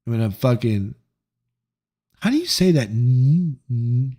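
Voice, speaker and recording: A man hosting a live stream, chatting casually with viewers in a joking, profane and animated way. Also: mid-range voice, a little slow. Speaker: livestream host reading chat.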